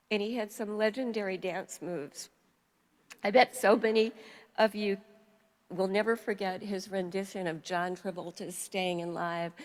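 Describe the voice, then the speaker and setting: An older woman from New York giving a heartfelt memorial eulogy as a family friend, telling stories at a measured pace. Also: medium pitch. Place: memorial service hall. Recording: long reverb of a hall.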